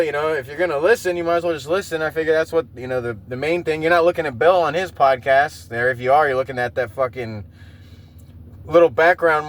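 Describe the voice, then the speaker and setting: A man's voice: fairly high pitch, a bit bright. Rambling, profane podcast man. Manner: profane and rambling, laughs often. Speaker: podcast host. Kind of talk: casual solo podcast riff.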